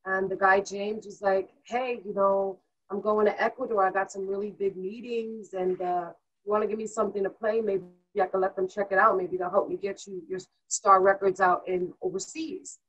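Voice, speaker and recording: An animated woman singer chats as an interview guest, telling stories at a mid pitch. She keeps a loose flow of fillers and acts out other people's lines with a lively voice. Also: lo-fi sound. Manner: chatty, fast-flowing with fillers. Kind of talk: casual storytelling interview.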